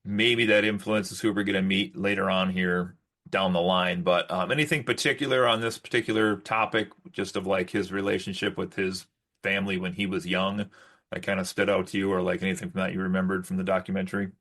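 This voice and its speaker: A man's voice: sits low, flat delivery, brisk, fairly bright tone. A man co-hosting a podcast in casual chat, rambling and restarting often. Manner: rambling, with many fillers and restarts. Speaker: podcast host.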